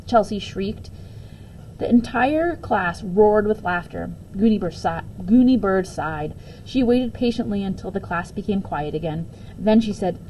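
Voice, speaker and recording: A woman reading a children's chapter book aloud in an expressive, animated way, as a teacher. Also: medium pitch, measured pace, a little hiss or hum, poor audio. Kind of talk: storybook read-aloud.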